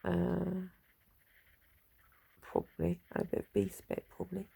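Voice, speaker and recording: A woman's voice: lowish voice, monotone, a little slow, creaky, dark tone, husky. A woman rambling casually to herself in a vlog, muttering and trailing off. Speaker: vlogger.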